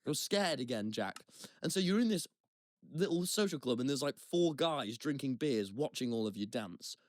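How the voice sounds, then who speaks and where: A young man spinning a long, self-deprecating anecdote on a chat podcast. His pitch leaps up and drops down as he goes, and he often stops and restarts mid-sentence. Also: expressive, normal speed, no room sound, studio quality. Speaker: podcast co-host. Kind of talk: casual anecdotal storytelling. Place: Brighton.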